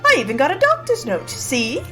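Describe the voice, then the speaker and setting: A woman's voice: sits high, wildly swooping pitch, moderate pace, bright, forceful tone, soft background music, full character voice, poor audio. A woman voicing a cheerful young male bird assistant, reading game dialogue in a chirpy, eager way.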